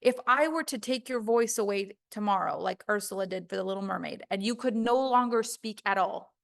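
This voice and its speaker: A woman's voice: mid-range voice, a little fast, creaky, a bit bright. A woman voice coach giving a recorded course lesson, talking emphatically and acting out quoted voices.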